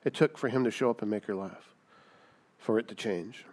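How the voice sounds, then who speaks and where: His voice is lowish and darkish, moving at a normal pace as he delivers a sermon. He keeps it conversational, asking rhetorical questions and performing voices along the way.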